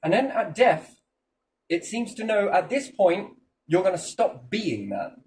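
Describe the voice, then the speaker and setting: A man's voice: high-pitched, very animated, measured pace, darkish tone, recorded from a distance. A man chatting casually and animatedly, jumping between topics and swearing freely. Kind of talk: rambling casual chat.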